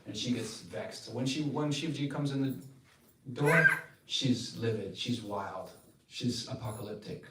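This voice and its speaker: A man tells a sacred tale in a lively, chatty manner and laughs as he goes. The sound is roomy and distant from the mic, with a faint hiss of background noise. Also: mid-range voice, unhurried. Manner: animated, laughing often, chatty. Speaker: spiritual storyteller. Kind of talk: devotional storytelling talk.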